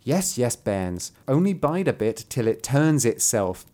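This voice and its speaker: A doting mother from an old folk tale coaxes her hungry children to be patient, voiced by a storyteller. The voice rises and falls lively and sweet. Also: medium pitch, a little slow, voice pushed down. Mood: coaxing. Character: fond mother frying a pancake, coaxing.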